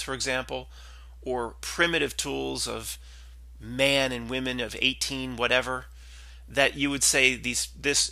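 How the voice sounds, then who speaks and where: A man's voice: mid-range voice, vocal fry, pushed and bright, dry recording. A man, talking in a rambling, skeptical monologue full of restarts and asides. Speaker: podcast host.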